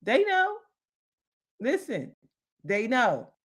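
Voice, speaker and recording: A woman's voice: on the high side, huge pitch swings, extremely slow. A middle-aged woman hosting a motivational livestream, emphatic and repeating her phrases for effect. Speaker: livestream host.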